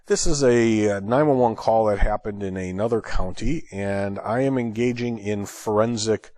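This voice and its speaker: A man's voice: on the low side, normal speed, dark tone, dry recording. A man hosting an EMS training lecture, explaining a call in a conversational way. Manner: conversational, thinking aloud with fillers. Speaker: EMS instructor and host.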